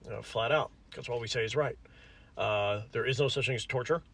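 A man impersonating a blunt, ruthless older male government official, speaking in flat, low, clipped declarations. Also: a little fast, creaky, breathy edge. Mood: cold.

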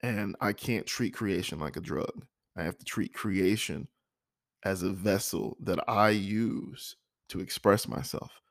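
A vlogger with a low, gravelly voice works through his own thoughts at a measured pace in an earnest, self-reflective monologue. He circles back and repeats himself for emphasis while a frog in his throat keeps catching his words. The recording is close and dry, with no room sound.

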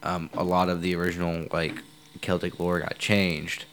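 A man's voice: sits low, normal speed. A young man hosting a podcast, casually retelling a myth with many filler words. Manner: relaxed storytelling with frequent fillers. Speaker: podcast host. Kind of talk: casual chat.

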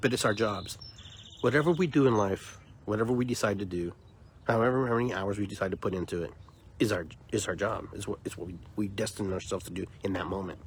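A man with a fairly low voice holds forth on his podcast in an opinionated monologue. He leans into his points emphatically and stumbles over repeated words as he builds up steam. A faint background noise sits under the recording. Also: fast. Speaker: podcast host.

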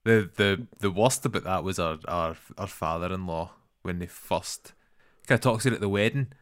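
Blunt low-voiced Scottish man. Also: moderate pace, no echo, clean studio sound. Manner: blunt and swearing, animated. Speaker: podcast co-host. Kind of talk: casual chat.

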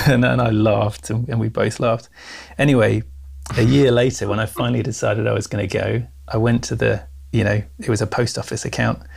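Gravelly man telling his story. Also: lowish voice, brisk. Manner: animated, laughs often, acts out quoted voices. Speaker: guest. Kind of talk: storytelling in a casual interview.

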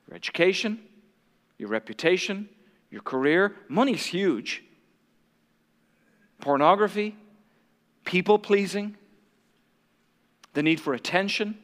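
A male pastor preaching an impassioned, dramatic sermon to a congregation in a large church hall. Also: a little high. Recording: long hall reverb.

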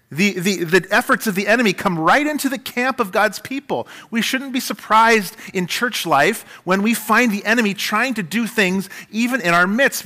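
Male pastor, bright, slightly high voice, animated sermon delivery. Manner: animated preaching, dramatic shifts in pitch and volume.

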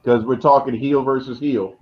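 A man's voice: mid-range voice, steady tone, normal speed, highs cut off. A man co-hosting a casual wrestling chat, pushing questions and laying out booking ideas. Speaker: podcast co-host.

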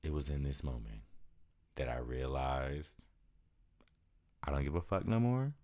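A young man casually retelling a story for his vlog, with lots of "like" fillers and lively quoted asides. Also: very deep voice, measured pace. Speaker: vlogger.

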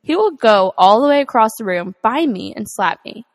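A woman's voice: a little high, lively intonation, moderate pace, no room sound. A young woman in casual conversation, chatty and laughing often, with plenty of filler words. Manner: chatty, laughs often, many likes and ums. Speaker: podcast co-host. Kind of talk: casual chat.

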